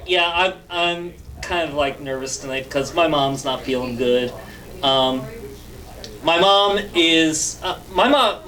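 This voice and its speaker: A man's voice: a little high, sharp tone. A man doing stand-up comedy and hosting, with lots of fillers, laughing at his own jokes. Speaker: stand-up comedian and show host.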